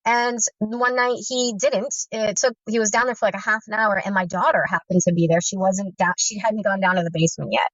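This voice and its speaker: Woman giving halting personal testimony. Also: medium pitch, fairly even intonation, fairly bright tone, no room sound. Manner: halting, earnest, with frequent fillers and restarts. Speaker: guest survivor recounting abuse. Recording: muffled, dry recording.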